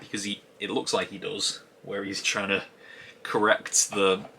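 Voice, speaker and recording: A man's voice: fairly low pitch, monotone, measured pace, gravelly, bright, forceful tone, slight background noise. A man giving a casual spoken review of a TV episode, musing aloud and rambling with frequent restarts.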